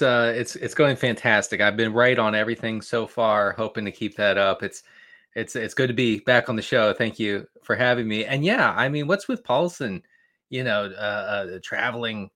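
A man talks fantasy football with excited energy, stumbling over his words and restarting often while he jokes along. His voice has a bright edge. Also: medium pitch. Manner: stammering restarts, excitable, joking. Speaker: podcast guest, fantasy football analyst. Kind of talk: casual chat.

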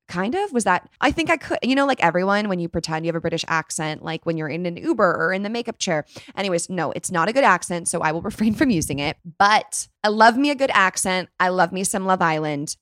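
A woman hosting a podcast, bubbly and excitable, chatting casually and a little tired from a late night. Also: on the low side, a little fast, dry recording, clean studio sound. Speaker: podcast host.

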